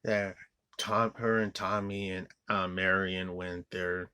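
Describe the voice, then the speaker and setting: A man's voice: sits low, level tone, slow, sharp tone, clean tone, dry recording. A man giving an angry, profane movie review rant, rambling with many restarts and fillers. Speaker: film reviewer.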